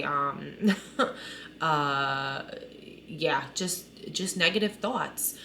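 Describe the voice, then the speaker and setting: Woman, 30s, lowish voice, candid vlog monologue, faint room hum behind. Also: slow, bright, forceful tone. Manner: candid, emotional, conversational with many "like" and "right?". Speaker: mother sharing her story.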